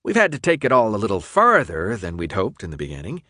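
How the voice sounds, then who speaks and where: A man voicing a cold, volatile older official who speaks in a clipped way and swings between quiet menace and shouting. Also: on the low side, wildly swooping pitch, fast, no room sound, clean studio sound, exaggerated voice. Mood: grave.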